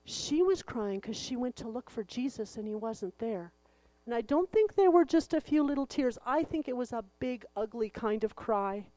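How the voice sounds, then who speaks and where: Speaking at a moderate pace in a slightly high voice, a woman on a dry recording tells children a Bible story at church. She brings it to life expressively by performing the voices, then leads the group in singing.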